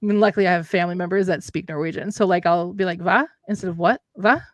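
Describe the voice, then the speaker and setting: A woman's voice: lowish voice, fairly even intonation, racing, no room sound. A woman with a light Minnesota accent, chatting casually and ramblingly as a livestream co-host. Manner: chatty, rambling, drops in Norwegian words. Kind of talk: casual chat. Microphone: remote streaming setup.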